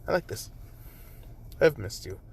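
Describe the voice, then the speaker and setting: A man voicing a smooth-talking charming young man. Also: a little slow, distant mic, close to an everyday voice.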